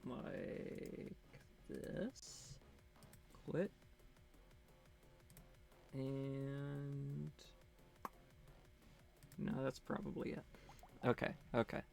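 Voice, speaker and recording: A man's voice: medium pitch, monotone, very slow, vocal fry, long pauses, darkish tone, faint music behind. A young man live-streaming a game, chatting casually in a nervous, rambling, self-mocking way.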